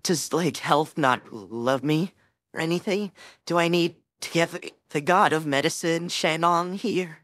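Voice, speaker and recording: A woman's voice: low voice, unhurried, fairly bright tone, dry recording, clean studio sound. A woman voicing a flustered teenage boy hero-in-training, rambling anxiously and talking himself up in a listener role-play. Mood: pleading. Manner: rambling, anxious, self-encouraging.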